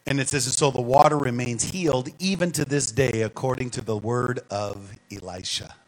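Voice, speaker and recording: A man preaching a sermon as guest speaker, animated and calling on the congregation to answer back. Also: mid-range voice, normal speed, low-quality recording. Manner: animated, calls the congregation to respond.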